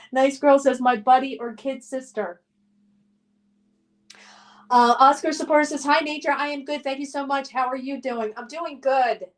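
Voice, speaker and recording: A woman's voice: sits high, unhurried, pauses often. A middle-aged woman hosting a live stream. She reads viewer comments aloud and chats back in a nostalgic, upbeat way, with frequent fillers. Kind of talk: casual live-stream chat.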